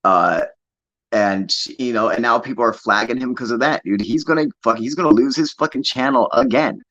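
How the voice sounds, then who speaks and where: A man's voice: medium pitch, moderate pace, fairly bright tone, lo-fi sound. A man hosting a livestream, chatting casually in a rambling, profane way and laughing often. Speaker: livestream host.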